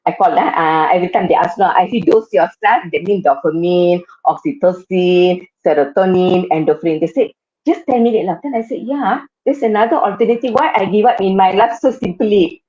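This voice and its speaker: Here a fifties-aged woman with a Malaysian English accent talks a little fast in a lowish, dark voice over dull-sounding audio. Appearing as a guest on a live web show, this occupational therapist and cancer survivor shares her own story earnestly, repeating phrases again and again to stress them.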